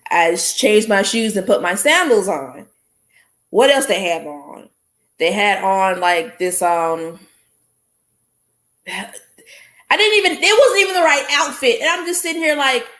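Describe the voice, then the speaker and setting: A woman hosting a podcast tells her listeners a story in a blunt, casual monologue, animated and calling them "y'all." Her voice is medium in pitch, and the room sounds echoey.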